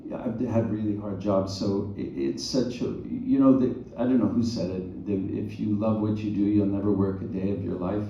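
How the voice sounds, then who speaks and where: Man, actor at a theater talkback, halting and reflective, mellow tone, far from the mic, roomy echo. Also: lowish voice, steady tone, slight background noise. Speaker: actor at a post-screening talkback. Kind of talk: live stage interview. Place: theater auditorium. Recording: echoey, dull, distant theater audio.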